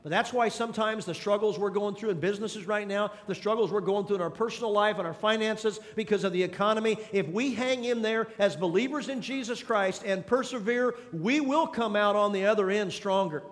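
A man's voice: sits high, fairly quick, hardly any pauses, big-room sound. A man preaching a sermon as pastor, urging his congregation with questions and repeated phrases. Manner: emphatic, exhorting the congregation with questions and repetition.

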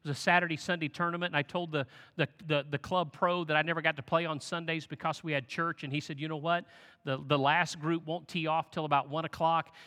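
A male pastor delivering a sermon in a bright, forceful voice that sits a little high for a man. His delivery swings from hushed reflection to loud, animated storytelling. The sound carries a long reverb, as if filling a large hall. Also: fast talker.

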